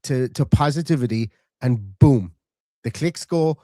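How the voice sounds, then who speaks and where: A man, talking in an animated, rapid-fire way and making his points with energy in a casual football chat. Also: mid-range voice, no room sound, studio quality. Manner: animated, rapid-fire, acts out quoted voices. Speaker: football fan podcast host.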